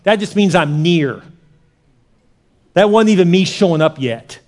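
A man playing a calm, firm God. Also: sits high, unhurried. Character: calm, firm, commanding male deity.

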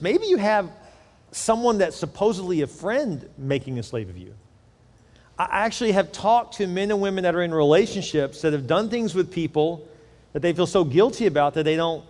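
A man's voice: on the high side, darkish tone, big-room sound. A man preaching a sermon, telling a story in a loose, conversational way. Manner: conversational storytelling, repeats words. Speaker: pastor.

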